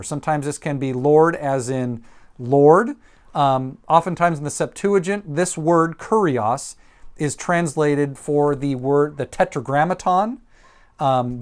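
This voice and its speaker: A man teaches vocabulary in a measured, unhurried lecture. He repeats each term carefully and pauses often with ums as he explains. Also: medium pitch. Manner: slow and deliberate, repeats each word, frequent ums. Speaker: Greek teacher.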